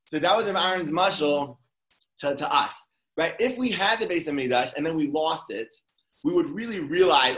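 A man's voice: a little high, brisk, a bit bright, roomy sound, rough recording. A man giving an informal Torah talk in a conversational way, often restarting his sentences. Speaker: Torah speaker.

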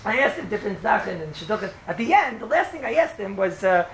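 A man giving an informal Torah talk to students, telling stories in a rambling, animated way with many fillers and laughs. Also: sits high, fast, gravelly. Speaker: yeshiva lecturer. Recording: echoey room with background noise.

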